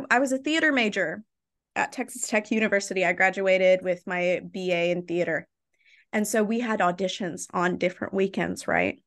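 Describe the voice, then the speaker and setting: A young adult woman speaks as a podcast guest, open and animated as she recounts her story. Her voice sits at an everyday middle pitch. She keeps checking in with "right?" and filling with "like". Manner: animated, tags points with "right?" and "like". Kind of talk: candid storytelling in a podcast conversation.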